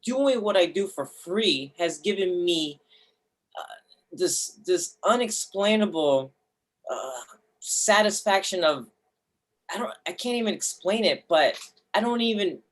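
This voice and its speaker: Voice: mid-range voice, expressive, slow. A young adult guest telling a personal story candidly, with swearing, restarts and acted-out inner voices.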